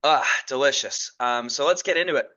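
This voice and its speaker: Young male podcast host, bright tone, loose rambling delivery full of ums, slightly lo-fi. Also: mid-range voice, brisk. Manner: casual, rambling, many fillers and restarts. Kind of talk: solo sports podcast chat.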